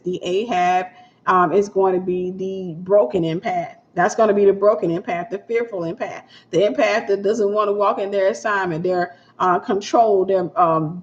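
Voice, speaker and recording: A woman minister teaching a sermon in a conversational way, repeating her key points and acting out little scenes. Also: mid-range voice. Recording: dull lo-fi sound.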